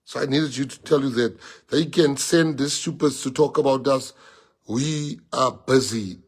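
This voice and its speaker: A man's voice: medium pitch, fairly even intonation, moderate pace, a little mellow, slightly rough. A middle-aged South African man with a South African accent, leading his party and rallying supporters on a livestream, emphatic and repetitive, dropping in Afrikaans phrases. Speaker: party leader.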